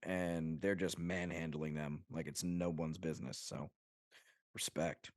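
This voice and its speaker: A man from Long Island, New York, co-hosting a laid-back podcast chat. He rambles excitedly and swears without thinking about it. His voice sits fairly low and sounds close and dry. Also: measured pace, no echo. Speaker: podcast co-host. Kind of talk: casual chat.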